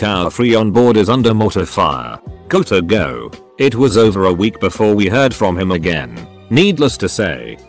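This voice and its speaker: A man reading out online stories in a steady scripted narration. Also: lowish voice.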